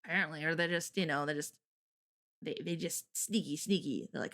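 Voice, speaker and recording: Woman streamer, bright voice, chatty storyteller who laughs a lot; casual live chat. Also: deep voice, brisk. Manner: chatty storyteller, giggles often. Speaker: co-host of a morning stream.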